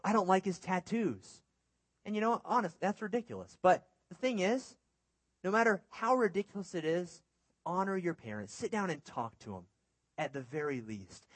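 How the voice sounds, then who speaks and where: Young guy preaching, kinda high voice, chatty and earnest, dry close mic. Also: no echo. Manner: earnest, conversational preaching with humorous asides. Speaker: youth pastor. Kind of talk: sermon.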